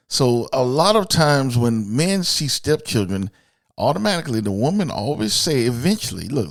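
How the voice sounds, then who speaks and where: A man hosting a podcast, delivering a blunt, profane, opinionated monologue aimed at women, swinging between loud outbursts and low asides. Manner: blunt, profane and emphatic, addressing women directly. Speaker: podcast host.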